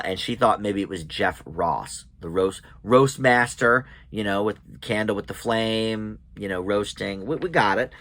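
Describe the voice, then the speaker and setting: A man's voice: fairly low pitch, bright, forceful tone, dry recording. A man chatting casually as he recaps and reviews a TV episode, with many ums and restarts.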